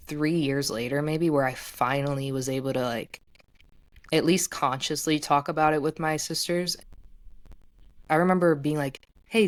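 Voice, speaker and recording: A young woman in her twenties casually retelling a personal story, full of "like" fillers. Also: low-pitched. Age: 20s. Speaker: guest.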